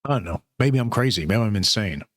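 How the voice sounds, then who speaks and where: A man's voice: on the low side, lively intonation, brisk, no room sound, studio quality. A man, hosting his new channel in rambling, sweary casual chat from home.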